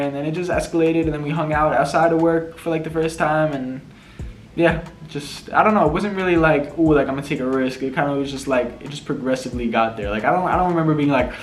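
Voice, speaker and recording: A man in his twenties casually answering fan questions in a vlog, laid-back and slangy, rambling with lots of fillers. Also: a little high. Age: 20s. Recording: echoey room.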